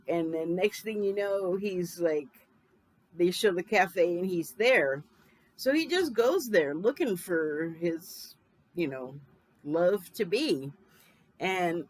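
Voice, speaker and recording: A woman's voice: mid-range voice, rough recording. Woman in her 50s going over a movie plot, rambly and chatty, keeps fixing herself, laughs a lot. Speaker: film reviewer. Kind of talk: casual spoken film recap.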